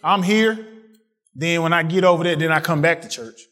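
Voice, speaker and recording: A man preaching a sermon, asking the congregation questions and swinging from excited peaks to quiet asides. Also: moderate pace. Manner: call-and-response preaching, rising to excited peaks then dropping low.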